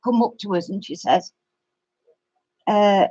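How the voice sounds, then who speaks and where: A woman's voice: mid-range voice, slow pace, dark tone, no echo. A middle-aged woman, telling a long story in a casual live-stream chat. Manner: rambling storyteller. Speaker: craft channel host. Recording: dry, muffled lo-fi sound.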